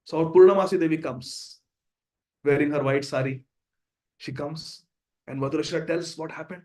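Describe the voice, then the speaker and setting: A man retelling a devotional story in an animated way, with chuckles. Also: on the high side, moderate pace, long pauses. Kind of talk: storytelling sermon.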